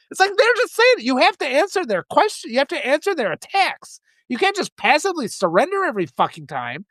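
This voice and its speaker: A man's voice: extremely high pitch, big pitch swings, quick pace, few pauses, a bit bright, no echo, studio quality. Fired-up man ranting, profane. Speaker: political livestream host. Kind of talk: casual livestream chat reading comments.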